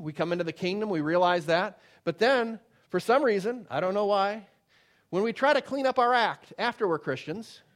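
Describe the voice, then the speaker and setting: A middle-aged male pastor preaching a sermon, swinging from loud emphatic declarations to hushed, soft pleading. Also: high voice.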